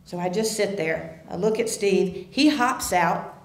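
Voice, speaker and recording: A woman telling a personal story at a live story slam, animated and swinging from hushed tones to loud outbursts. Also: mid-range voice, measured pace, reverberant. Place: theater stage.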